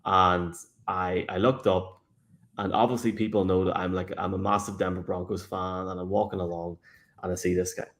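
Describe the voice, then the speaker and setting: An Irish man co-hosts a live show, joking around, laughing easily, and reading out listener messages in casual chat. His voice is low and a bit bright, with flat delivery at normal speed.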